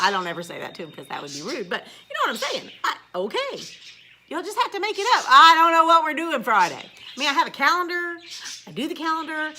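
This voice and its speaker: A woman's voice: high voice, wildly swooping pitch, fast, sharp tone, a little hiss or hum. A woman teacher, ranting casually in a blunt, sarcastic way and swearing now and then.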